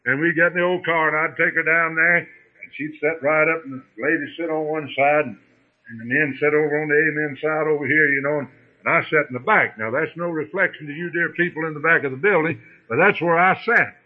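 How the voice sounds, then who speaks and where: Fervent preacher on old radio. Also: male voice, a little high, brisk. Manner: folksy storytelling, rising to fervent preaching. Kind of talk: sermon. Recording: phone-like old radio broadcast.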